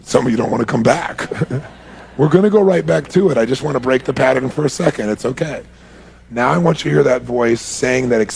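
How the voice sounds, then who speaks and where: A man speaking as a motivational speaker at a live seminar, guiding an audience through exercises in an animated, coaxing way, with a gravelly voice. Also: mid-range voice, brisk, slight background noise. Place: large hall with a live audience.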